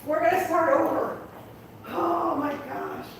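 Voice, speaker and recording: A middle-aged crafting streamer chats casually with her live audience from home, cheerfully mocking her own mistakes, and later goes outdoors. Her voice is very high and steady, and she speaks at a slow pace. The recording is roomy, with an echo and a little background noise.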